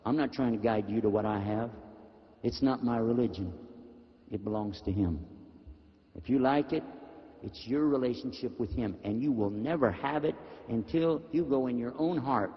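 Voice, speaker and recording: A male Islamic preacher gives a sermon to an audience in a medium-pitched voice at a moderate pace, speaking emphatically and posing rhetorical questions to his listeners. The recording is dull and lo-fi, with long reverb from a hall.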